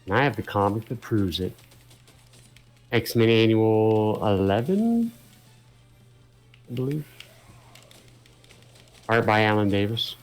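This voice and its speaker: A middle-aged man with a somewhat low voice chats casually through a co-op playthrough. He drifts into comic-book trivia in a relaxed, talkative way. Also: slow, long pauses, soft background music. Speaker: gaming channel host. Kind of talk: casual gameplay chat.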